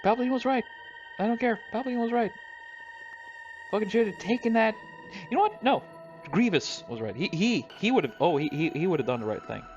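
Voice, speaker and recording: A man's voice: high-pitched, animated, fairly quick, long pauses, lo-fi sound. A man hosting a casual chat while drawing, ranting in exasperation and swearing freely. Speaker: host. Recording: music playing underneath.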